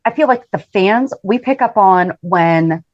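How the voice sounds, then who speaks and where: A woman hosting a fan podcast, chatty and quick with her agreements. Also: medium pitch, lively intonation, muffled recording. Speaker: podcast host. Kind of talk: casual interview chat.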